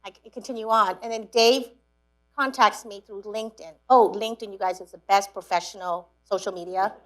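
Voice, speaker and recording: A woman from Cambodia telling stories to students, lively, laughing often and acting out what people said. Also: medium pitch, fairly quick. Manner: lively storyteller, acts out quotes, laughs often. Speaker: guest speaker. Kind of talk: storytelling talk to students.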